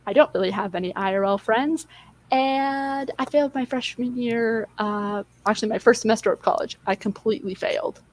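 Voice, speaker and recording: A woman's voice: fairly high pitch, moderate pace, rough recording. A woman in her twenties co-hosting a casual livestream chat, rambling and candid, often losing her train of thought. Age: 20s. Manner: candid, self-deprecating. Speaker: livestream co-host.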